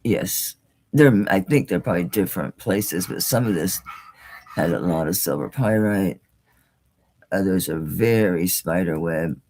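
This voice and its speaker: A woman's voice: very deep voice, a little slow, a little mellow. A middle-aged woman hosting a live jewelry sale, chatty and exclaiming, with mild swearing. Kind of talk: casual live-stream sales talk.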